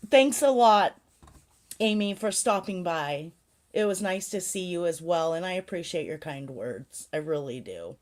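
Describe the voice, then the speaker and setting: A woman's voice: on the low side, expressive, a little slow, darkish tone. A woman hosting a casual live chat, ranting sarcastically, swearing often and laughing a lot. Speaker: livestream host.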